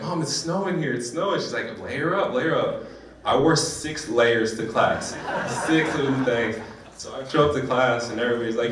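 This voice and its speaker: Young man from San Diego, speaking at a banquet, slightly low voice, heavy room echo, heard from a distance. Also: a bit bright. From San Diego, California. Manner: emotional, halting storytelling with restarts. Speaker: guest speaker. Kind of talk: personal speech at a banquet. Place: banquet hall. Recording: echoey hall, voice from a distance.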